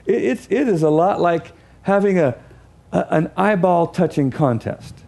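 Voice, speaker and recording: High-voiced man giving an animated talk. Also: a little slow, creaky. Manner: animated, acts out examples. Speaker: speaker. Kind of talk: teaching talk to an audience.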